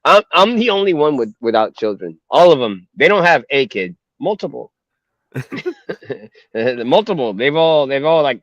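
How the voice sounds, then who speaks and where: A man's voice: a little high, moderate pace, no echo. Laughing man telling funny stories. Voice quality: laughs often, animated storytelling. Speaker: podcast co-host. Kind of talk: casual chat, storytelling.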